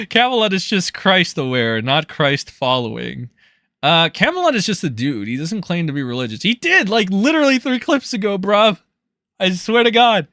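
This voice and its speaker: A man's voice: high voice, sing-song, normal speed, sharp tone, no echo, clean studio sound. A man hosting a livestream, reacting to clips in a loose, sarcastic and profane way. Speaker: livestream host.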